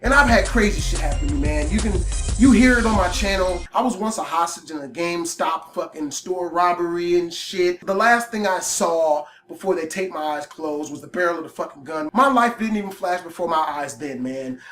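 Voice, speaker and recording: Profane, animated male storyteller. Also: high voice, a little fast. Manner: profane, emphatic, peppered with "man". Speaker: YouTube storyteller. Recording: roomy echo, faint hip hop music.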